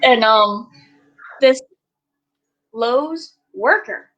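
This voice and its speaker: A woman tells stories in a casual chat and rants animatedly, full of fillers. Her voice sits high. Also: very slow, highs cut off. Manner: animated ranting with lots of fillers.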